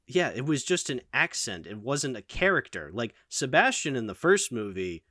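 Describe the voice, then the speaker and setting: Opinionated male host, animated delivery, dry mic sound. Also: mid-range voice, moderate pace, no echo. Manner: animated, opinionated, lots of fillers. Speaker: channel host. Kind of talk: casual film discussion.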